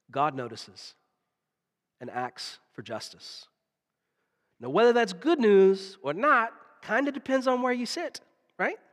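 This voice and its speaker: A man from the preaching a sermon, telling stories with dramatic pauses and drops to a hush. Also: on the high side. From Southern United States. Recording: long reverb of a large hall.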